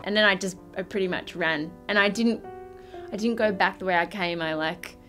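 A woman's voice: mid-range voice, moderate pace, over music. Hesitant young woman recalling. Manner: hesitant, shy, many fillers and restarts. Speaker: interviewee. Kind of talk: documentary recollection.

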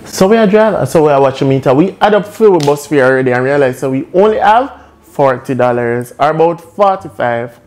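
Animated Jamaican man telling a story. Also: fairly high pitch, fairly quick. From Caribbean. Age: young adult. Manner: animated, laughing, lively patois storytelling. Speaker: vlogger. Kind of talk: comic storytime.

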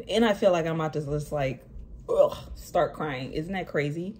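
A young woman talking to camera in an emotional personal vlog, nervous and close to tears, halting with many fillers. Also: low voice, darkish tone, breathy edge. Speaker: vlogger.

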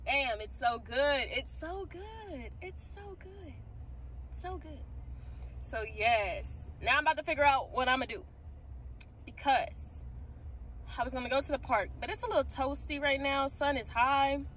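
A woman's voice: high-pitched, fairly even intonation, normal speed, a bit bright, slight background noise. A woman vlogging casually to her viewers. She talks emphatically, repeats phrases and swears casually. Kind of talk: casual self-talk vlog.

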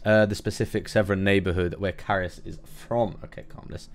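A man's voice: sits low, steady tone, a little fast, heavy background noise. A man with an English accent giving casual, profane reaction commentary on a song, often stumbling over French words. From England. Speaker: music reaction host.

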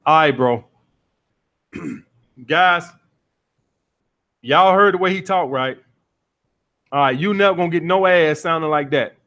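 Man, high-pitched, blunt, profane, lecturing, dating coach on a call-in show. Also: a little slow, pauses often, pushed and bright. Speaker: dating coach taking calls.

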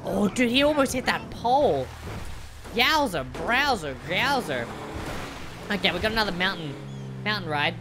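Reaction host: excitable woman, lively swooping pitch, jokey, recorded over clear background noise. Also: a little slow, pauses often. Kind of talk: playful reaction commentary.

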